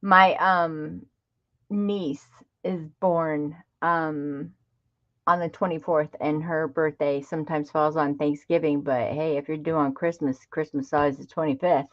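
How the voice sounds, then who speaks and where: A woman's voice: deep voice, steady tone, unhurried, dull audio. A middle-aged woman hosting a craft livestream, chatting casually and greeting viewers by name. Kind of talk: casual live-stream chat.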